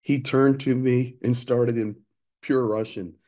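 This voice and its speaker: A man in his fifties, an interview guest telling lively anecdotes with frequent restarts. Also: mid-range voice, takes it slowly. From United States. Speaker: interview guest, aid worker. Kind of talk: conversational storytelling.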